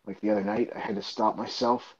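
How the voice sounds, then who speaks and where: A man's voice: lowish voice, little pitch movement, fast talker, slightly rough, dull audio. A man in casual chat, laid-back and swearing freely.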